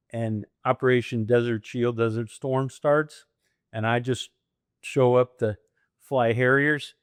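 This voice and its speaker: A middle-aged man tells stories as an interview guest. He is animated, breaking into laughs and acting out what others said. His voice sits at a middle pitch and sounds dry and close. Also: no room sound. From United States. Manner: animated, laughs often, acts out quoted dialogue. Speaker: guest, former military pilot and franchise owner. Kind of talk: conversational storytelling interview.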